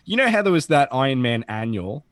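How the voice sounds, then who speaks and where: A man's voice: mid-range voice, very animated, brisk, no echo. A man co-hosting a comic book podcast in casual chat, swearing and laughing often. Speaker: podcast co-host.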